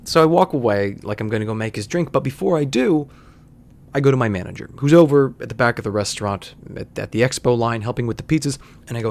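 A young man tells a personal story in a dry, deadpan way. He sounds casual and conversational at an ordinary middle pitch. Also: fast talker, gravelly.

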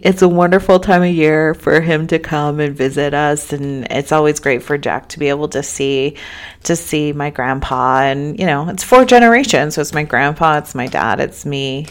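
A woman in her thirties hosting a casual solo podcast, tired and chatting in a rambling way that keeps interrupting itself. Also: deep voice. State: tired, yawning. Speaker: podcast host.

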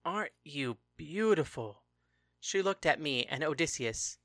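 A reader voicing a soft, playful young woman with a slightly raised, breathy, girlish voice. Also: deep voice, expressive, a little slow, dry recording, clean studio sound, heavily acted. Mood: delighted.

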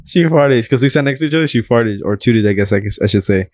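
A man's voice: mid-range voice, expressive, fast talker, darkish tone, no room sound. A young man hosting a podcast in casual chat, rambling through stories, swearing and laughing often. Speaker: podcast host.

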